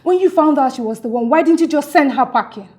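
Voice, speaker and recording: A woman's voice: sits high, lively intonation, fast talker, darkish tone. An actress playing a worried, pushy woman who confronts a friend about his wedding, speaking with a Nigerian accent. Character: anxious, meddling woman friend of the groom. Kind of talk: film drama acting.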